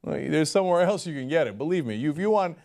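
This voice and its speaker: A man's voice: a little high, animated, quick pace, gravelly, darkish tone. A man hosting casual political commentary, sarcastic and often laughing as he mocks what he quotes. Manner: sarcastic, laughing, mocking impressions.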